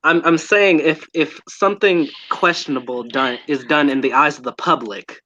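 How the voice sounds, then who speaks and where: A man on a discussion panel who speaks haltingly and often restarts his sentences. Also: a little high, pushed and bright, a little hiss or hum. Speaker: panel guest. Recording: muffled lo-fi audio.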